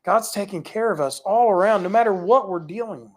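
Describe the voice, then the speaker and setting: A woman teaching a casual Bible study, reading scripture aloud and paraphrasing it in lively, chatty asides, often laughing. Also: medium pitch, a little fast.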